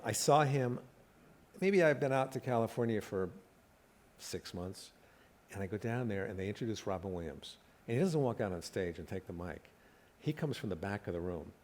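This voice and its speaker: A slightly mellow, lowish male voice belongs to a middle-aged comedian appearing as a guest on a live talk event stage. He tells stories conversationally, acts out quotes, and laughs at his own jokes.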